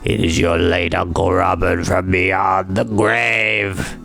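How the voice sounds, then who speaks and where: A man voicing a pretend ghost uncle in a storybook, speaking slowly in a hollow, ominous way. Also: little pitch movement, gravelly, a bit bright, soft background music, full character voice. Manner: slow, ominous and booming.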